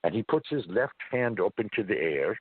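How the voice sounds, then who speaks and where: A man from California, an interview guest, telling a first-person story in an animated, folksy way. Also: lowish voice, moderate pace, slightly rough, no room sound. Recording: dry muffled phone line.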